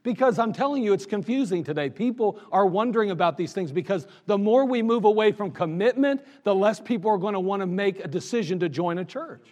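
A man preaching a sermon as pastor, in a conversational style, reading scripture aloud and acting out little everyday scenes. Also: high voice. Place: church sanctuary. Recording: long reverb of a church sanctuary.

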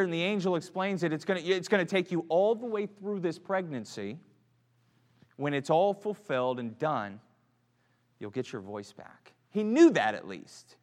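Man preaching a sermon, high and very expressive, swinging from hushed to loud, reverberant church. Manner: dramatic swings between hushed and loud emphatic delivery. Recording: church sanctuary with long reverb.

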